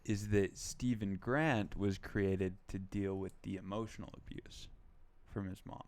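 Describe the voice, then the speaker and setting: A young man co-hosting a casual pop culture podcast rambles, leaning heavily on "like" and "um." His voice is fairly low and darkish, with fairly even intonation and a slightly slow pace.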